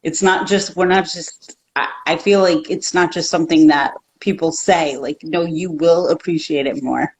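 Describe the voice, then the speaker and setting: A woman's voice: deep voice, steady tone, moderate pace, few pauses, a little mellow, low-quality recording. A woman guest in a casual chat, talking in a rambling way with many restarts.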